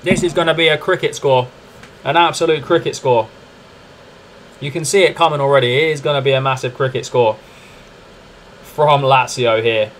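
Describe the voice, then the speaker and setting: A young man streaming a football management game, commenting live in a chatty, excitable way and calling to his viewers as lads and mates. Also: mid-range voice, moderate pace, long pauses, slight background noise. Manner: excitable, chatty, keeps addressing "lads" and "mate".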